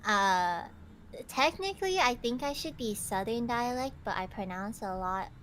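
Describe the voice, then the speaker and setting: A young woman hosting a casual podcast, telling stories in an animated, giggly way with lots of "like". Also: fairly high pitch, measured pace, a little hiss or hum. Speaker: podcast host.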